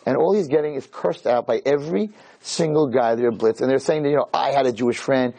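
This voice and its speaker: A man giving a weekly Torah talk as a lively, chatty storyteller who drops in Hebrew terms. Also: mid-range voice, quick pace, poor audio. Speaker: Torah lecturer.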